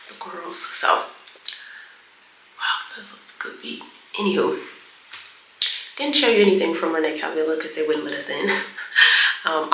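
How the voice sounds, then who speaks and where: A woman's voice: sits low, pushed and bright, reverberant, slight background noise, rough recording. A woman giving a casual fashion vlog update to the camera, chatty, with laughing asides. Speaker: fashion vlogger.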